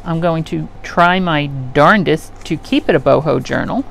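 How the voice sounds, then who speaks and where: A woman's voice: sits low, measured pace, gravelly. A middle-aged woman hosting a craft channel, chatting casually and rambling as she works at home, often trailing off mid-sentence. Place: home craft room with an air conditioner running. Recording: faint air conditioner hum behind.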